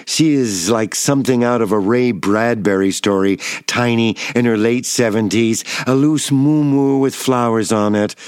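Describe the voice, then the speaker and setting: A man giving a measured, wry first-person reading of a personal memoir. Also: mid-range voice, a little mellow, smooth, dry recording.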